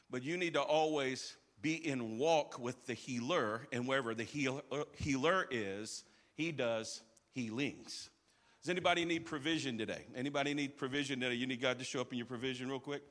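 Energetic male pastor in a big church. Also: medium pitch, fairly quick. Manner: energetic, rallies the crowd with call-outs. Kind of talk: live church sermon. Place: large church auditorium. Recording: live sermon in a big reverberant sanctuary.

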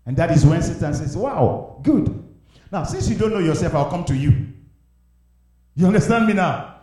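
Animated preacher in an echoey hall. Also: male voice, sits high. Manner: dramatic, acts out Bible characters with shouts and laughs. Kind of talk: sermon. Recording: very echoey room.

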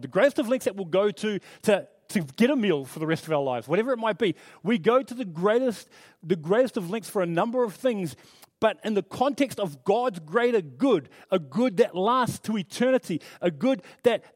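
A man's voice: high-pitched, darkish tone, no room sound. A middle-aged man preaching a conversational sermon, earnest and storytelling, with frequent restarts.

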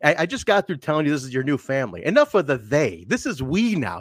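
Animated, joking male podcast host. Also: a little high, fast talker, no room sound. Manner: joking, animated, playful teasing. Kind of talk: casual wrestling podcast chat.

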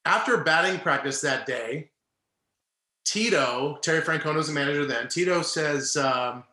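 Bright-voiced middle-aged man telling a story. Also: on the high side, normal speed, echoey room. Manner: animated, acts out quoted people. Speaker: former baseball player, guest. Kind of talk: casual storytelling.

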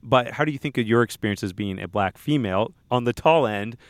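A man's voice: mid-range voice, brisk, no echo. A man hosting a podcast interview, asking follow-up questions and laughing along with his guest. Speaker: podcast host. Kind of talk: casual interview.

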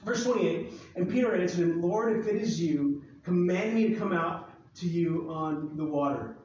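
Pastor, male, high voice, casual jokey sermon delivery, distant mic in a booming room. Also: expressive, moderate pace, slight background noise. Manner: joking, conversational, acts out Bible scenes. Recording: far-off echoey hall, dull sound.

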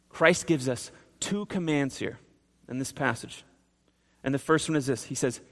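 A man's voice: a little high, moderate pace, fairly bright tone. A male pastor preaching a sermon in a conversational, earnest way, with emphatic pleading bursts. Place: church sanctuary. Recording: reverberant church hall.

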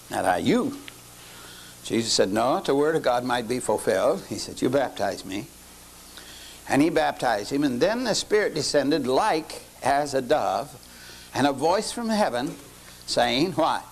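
A man's voice: mid-range voice, sing-song, a little slow, gravelly, a little hiss or hum. An older man teaching a lecture-style sermon, folksy, often quizzing his listeners with questions. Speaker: lay teacher.

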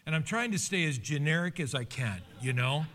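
A man preaching a conversational sermon, telling stories with humor and lively asides. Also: a little high, fairly quick. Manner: animated storytelling with humor and asides. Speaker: pastor.

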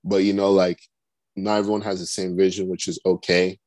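A man's voice: low-pitched, flat delivery, brisk, a little mellow, no room sound. A man co-hosting a podcast in casual chat, rambling and saying "like" constantly. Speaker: podcast co-host.

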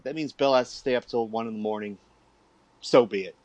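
A man's voice: medium pitch, brisk, no echo. Man chatting casually on a podcast, dry sound. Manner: relaxed, chatty, with laughs and fillers. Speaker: podcast host. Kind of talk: casual chat.

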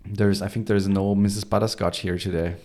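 Casting: male podcast host from Austria, playful, jokey, relaxed chat. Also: lowish voice, fairly quick. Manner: playful, goofy sound effects and wordplay. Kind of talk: casual chat.

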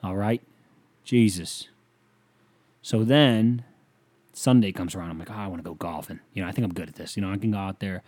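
A young man hosting a podcast alone, rambling through a profane, casual story and now and then breaking into loud whoops. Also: deep voice, fairly quick, long pauses. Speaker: podcast host. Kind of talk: casual solo podcast rant.

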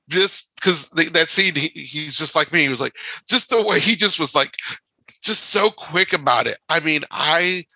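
A man's voice: on the high side, expressive, normal speed, bright, forceful tone, husky, no echo, poor audio. A man co-hosting a podcast in a casual chat, who laughs easily and repeats words as he restarts his sentences. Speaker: podcast co-host.

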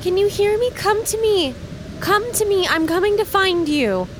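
A woman voicing a caring young woman adventurer, calling out loudly and anxiously in a storm. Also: very high-pitched, lively intonation, moderate pace, noisy background, pitched above the performer's own voice. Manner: calls out loudly and anxiously in a raised voice.

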